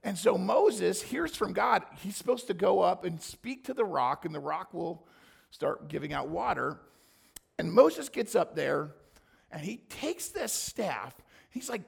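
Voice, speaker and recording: A man preaching a sermon with a hoarse voice, reading scripture and acting out the people's complaints in sudden loud, high bursts. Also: animated, moderate pace. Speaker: pastor.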